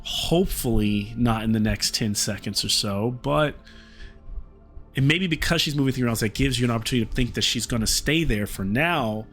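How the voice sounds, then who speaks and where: A man's voice: mid-range voice, brisk, fairly bright tone, faint music behind. A man narrating a tabletop game as game master, rambling with many fillers.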